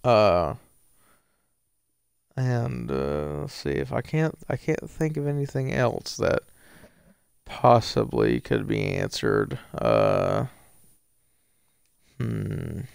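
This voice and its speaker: A man rambles through a casual story, full of fillers and restarts. His low voice is gravelly at the bottom yet smooth and clear, recorded close and dry. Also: big pitch swings, extremely slow, long pauses, no echo. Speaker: streamer answering viewer questions.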